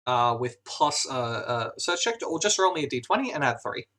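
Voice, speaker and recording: Guy running a tabletop game as gm, mid pitch, lots of uhs and restarts. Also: expressive, normal speed, bright, forceful tone. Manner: hesitant, many "uh" fillers. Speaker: game master.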